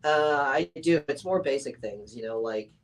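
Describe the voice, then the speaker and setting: A young adult man from the United States, a guest artist speaking in a casual interview, relaxed and rambling with lots of "like" and "you know". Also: mid-range voice, normal speed, poor audio.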